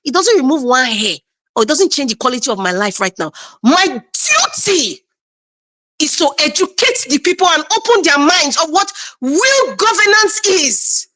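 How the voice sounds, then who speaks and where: A Nigerian woman giving emotional, forceful political commentary, full of rhetorical questions and repetition. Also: high-pitched, sing-song, moderate pace, no room sound. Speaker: panel commentator.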